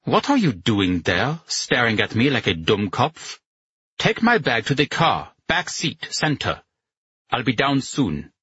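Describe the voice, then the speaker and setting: A man's voice: mid-range voice, sing-song, unhurried, pushed and bright, slightly rough, dry recording, muffled recording, voice pushed up, heavily acted. A man voicing an impatient general who snarls his orders. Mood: snarling. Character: gruff German general, impatient.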